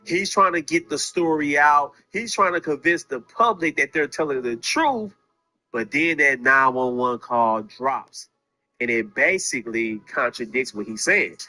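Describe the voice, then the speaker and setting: A man's voice: a little high, sharp tone. A man commentating on a case, speaking emphatically, with rhetorical questions to his viewers. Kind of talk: true-crime commentary.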